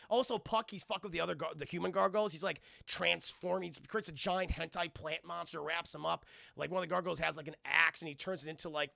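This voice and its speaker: A man's voice: fairly high pitch, vocal fry, pushed and bright, no echo, clean studio sound. A man streaming a casual, crude, joking recap of a cartoon episode, talking to his chat.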